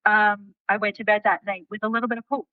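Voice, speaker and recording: A woman guest in an interview, telling a personal story in an animated way and acting out what people said, with casual swearing. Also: medium pitch, fast talker, no room sound, narrow, tinny audio.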